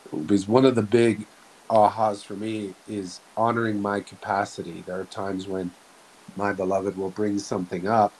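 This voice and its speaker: A man talking slowly and earnestly in a reflective spiritual way, often restarting his sentences. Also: lowish voice, flat delivery, poor audio. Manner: slow, soft-spoken, earnest, with frequent restarts. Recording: faint hiss.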